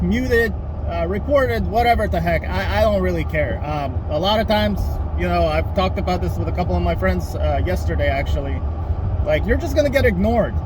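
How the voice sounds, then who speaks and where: A man with a high voice rants into his phone on a casual vlog. He sounds exasperated, and he slips into mocking voices when he quotes people. Faint traffic noise sits under the voice outdoors. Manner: exasperated ranting, mocks others in high voices. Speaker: vlogger. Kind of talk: ranting walk-and-talk vlog. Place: outdoors in a town, walking and driving past traffic.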